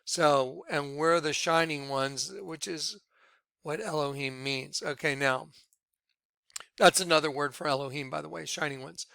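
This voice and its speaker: A man leading a ministry, talking viewers through images on his screen in an excitable, repetitive way. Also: fairly high pitch, measured pace, vocal fry, smooth, dry recording. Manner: excitable, repeats himself, points things out to viewers. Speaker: ministry leader presenting on screen. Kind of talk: screen-share commentary.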